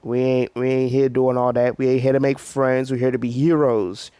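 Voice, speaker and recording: A man voicing a gruff, tired male teacher who talks bluntly in slang and curses. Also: medium pitch, level tone, moderate pace, warm tone, no room sound, close to an everyday voice. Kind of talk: casual storytelling.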